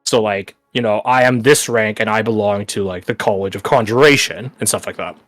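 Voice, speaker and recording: A man's voice: fairly low pitch, steady tone, brisk, a bit bright, soft background music. A man narrating a tabletop game as game master, hesitant and searching for words as he describes the scene.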